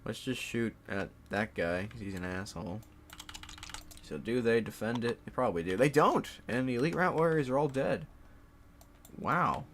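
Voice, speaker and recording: A man's voice: mid-range voice, expressive, moderate pace, fairly bright tone, slight background noise. A young man casually commentating his solo board game play, swearing, laughing and talking to his game pieces.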